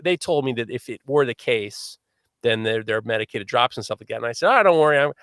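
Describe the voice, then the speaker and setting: Animated, cursing storyteller man. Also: medium pitch, quick pace, clean tone, no echo, studio quality. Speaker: podcast host. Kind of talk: storytelling on a live podcast.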